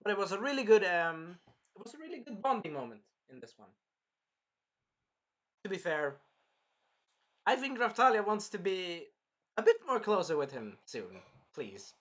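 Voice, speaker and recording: A man recapping an anime episode in an excitable, rambling way, jumping between plot points. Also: high voice, normal speed, pauses often. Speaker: anime reviewer.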